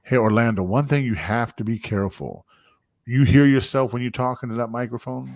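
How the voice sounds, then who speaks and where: An animated male podcast host rattles off sponsor plugs and greets viewers in a loose live-stream chat. His voice sits at an ordinary pitch and is recorded close and dry, with no room sound. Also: fairly quick, no echo.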